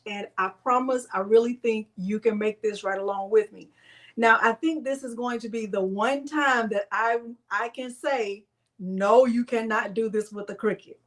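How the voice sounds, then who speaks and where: A middle-aged woman hosts a casual crafting livestream, greeting viewers by name and chatting warmly between steps. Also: on the high side. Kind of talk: casual livestream tutorial chat.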